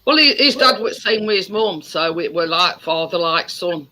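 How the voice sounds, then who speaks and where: A man in casual chat, halting and repeating his words. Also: sits high, animated, sharp tone.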